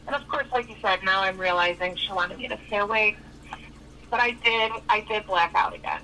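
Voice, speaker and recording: A woman's voice: mid-range voice, a little fast, bright, forceful tone. A woman calling in and telling a story in a chatty, casual way, often acting out what was said. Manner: chatty, retells dialogue with "I was like". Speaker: caller. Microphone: telephone. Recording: phone line, distant and lightly noisy.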